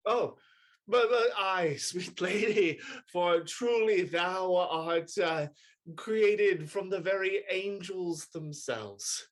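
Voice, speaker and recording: A man improvising as a young lord mayor who flatters and stammers in mock-Shakespearean speech. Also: high-pitched, slow pace. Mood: flustered. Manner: stammering, with many uh's and restarts. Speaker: improv stage actor.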